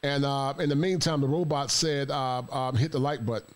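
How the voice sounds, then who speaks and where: A man hosting a talk show, with a voice of middling pitch. He speaks in a frank, preachy manner and leans hard on his points. He also works as a therapist. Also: normal speed, over music. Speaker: podcast host and therapist. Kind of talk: casual discussion.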